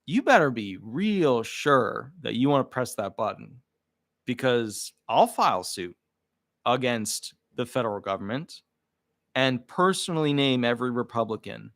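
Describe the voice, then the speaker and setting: A man's voice: mid-range voice, measured pace, no room sound, clean studio sound. A man who works as a disability lawyer, giving casual, indignant commentary to the camera. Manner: indignant, animated.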